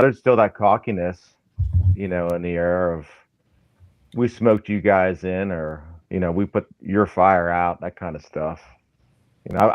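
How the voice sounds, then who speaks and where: On a casual podcast, a Southern American man who works as a firefighter and paranormal investigator talks hesitantly, restarting often. His voice sits on the low side, and the audio is dull with no room sound.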